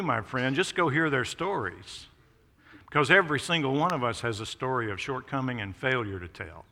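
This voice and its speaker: A man preaching a sermon as pastor of a church, emphatic, swelling loud on key phrases and dropping low on others. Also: expressive, normal speed, long reverb tail. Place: church sanctuary.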